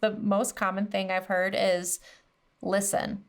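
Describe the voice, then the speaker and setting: A woman's voice: mid-range voice, level tone, slow. A woman hosting a podcast interview, encouraging her guest and backing her up with frequent "mm-hmm". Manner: warm encouraging, constant "mm-hmm" backchannel. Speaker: podcast host. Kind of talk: casual interview chat.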